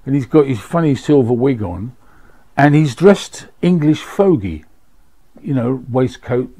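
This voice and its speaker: A man who is a photographer, telling lively anecdotes in a documentary interview and acting out the dialogue. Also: mid-range voice, a little slow.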